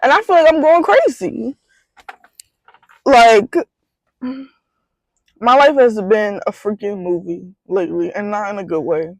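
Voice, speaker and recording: A young woman, retelling a bad day in a casual vlog with animated disbelief. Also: medium pitch, unhurried, long pauses, no room sound, low-quality recording. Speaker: vlogger.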